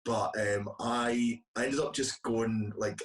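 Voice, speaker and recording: Scottish male guest, loose and halting, recorded at a distance. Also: medium pitch, fairly even intonation. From Scotland. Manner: rambling, hesitant, many restarts. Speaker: guest actor. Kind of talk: casual interview chat. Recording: distant from the mic.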